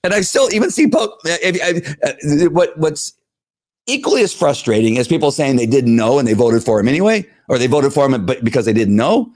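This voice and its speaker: A man's voice: mid-range voice, expressive, brisk, a little mellow, no echo, clean studio sound. A man hosting a live political talk show from home, exasperated and rambling, with frequent restarts as he reads viewer comments.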